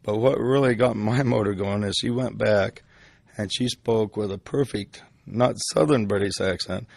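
Older guy rambling thru a story, low gravelly voice, lots of restarts. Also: normal speed, a little mellow, no echo. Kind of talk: casual spoken storytelling.

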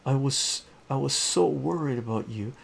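A man's voice: mid-range voice, normal speed, creaky, slight background noise, pitched above the performer's own voice, natural voice. A man voicing a worried, devoted teenage girl in a raised, pleading voice.

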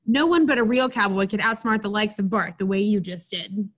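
A woman's voice: medium pitch, a little fast, fairly bright tone, slightly rough. A woman voicing a friendly male cowboy camp leader in a storybook read-aloud, with a folksy drawl. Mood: hearty. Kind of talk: reading a picture book aloud.

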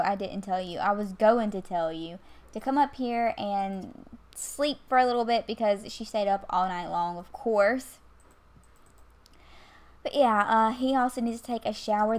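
A woman, chatting casually while playing a life-sim game into a desk mic, scolding the characters with exasperated asides. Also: a little high. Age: 20s. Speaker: gaming YouTuber. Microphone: USB desk mic.

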